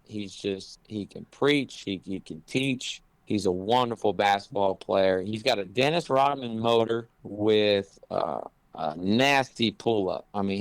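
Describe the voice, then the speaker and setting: Man, basketball coach, rambling casual talk, gravelly voice, dry sound. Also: lowish voice, no room sound. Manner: rambling, frequent "you know" fillers. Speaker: college basketball head coach. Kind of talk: casual podcast interview.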